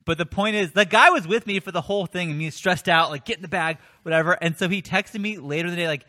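A man's voice: high-pitched, quick pace. A man co-hosting a podcast, telling a story casually with lots of swearing and self-mockery. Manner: profane, self-mocking, animated. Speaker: podcast co-host.

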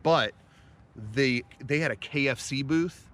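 A man's voice: medium pitch, measured pace. A man co-hosting a podcast outdoors on a hilltop, chatting loosely with crude, rambling jokes. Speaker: podcast co-host. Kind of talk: casual joking chat. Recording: outdoor mic with clear background noise.

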